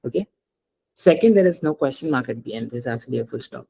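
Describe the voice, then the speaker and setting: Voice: mid-range voice, expressive, quick pace, dark tone, slight background noise, low-quality recording. A French teacher gives a live lesson. The teacher explains step by step, repeats each example and often checks that the student understands. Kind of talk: live online language lesson.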